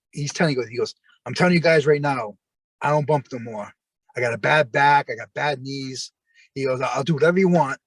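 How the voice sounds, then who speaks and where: A man's voice: on the high side, no room sound. A man, a former wrestler telling long anecdotes in a casual interview, full of fillers and quoted dialogue.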